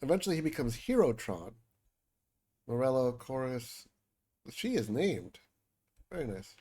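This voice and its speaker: A man's voice: medium pitch, sing-song, measured pace, dark tone, breathy edge. A man streaming a game, chatting casually with his viewers and reading game dialogue aloud. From United States. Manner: chatty, joking with chat, reads game lines aloud.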